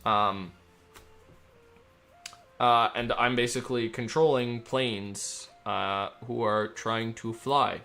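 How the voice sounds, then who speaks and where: A man's voice: medium pitch, steady tone, takes it slowly, vocal fry, long pauses, bright, forceful tone. A young man streaming, chatting casually while he plays, joking and rambling as he reads chat aloud.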